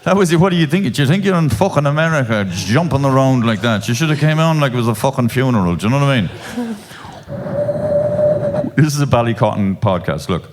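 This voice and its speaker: An Irish man hosting a live comedy podcast before an audience, with loud, sweary, sardonic banter. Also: mid-range voice, animated, fairly quick, crowd noise.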